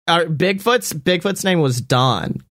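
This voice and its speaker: A man's voice: on the high side, animated, takes it slowly, a bit bright, no room sound, clean studio sound. A man narrating as game master in a casual, rambling way, often laughing.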